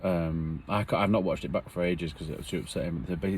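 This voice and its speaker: A man's voice: sits low, quick pace, slight background noise. A man earnestly retelling a painful personal story in a rambling, emotional way.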